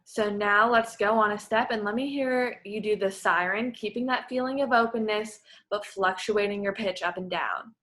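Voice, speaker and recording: A woman's voice: medium pitch, moderate pace, few pauses, a bit bright. A woman working as a voice clinician, giving patient, encouraging step-by-step instructions in a therapy session.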